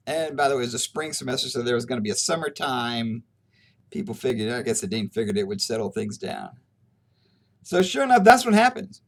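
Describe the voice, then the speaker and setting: A man's voice: mid-range voice, sing-song, fairly quick. A man, an ethics professor, telling a true case study to his students in a conversational lecture, acting out the people's lines as he goes. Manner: conversational storytelling, acting out quoted exchanges.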